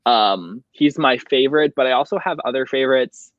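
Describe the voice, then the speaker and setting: A man's voice: mid-range voice, moderate pace, a bit bright, muffled recording, a little hiss or hum. A tipsy man hosting a casual book club livestream, emotional and reading passages aloud through a home computer mic on a call. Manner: emotional, reads quotes aloud tearfully. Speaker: show host.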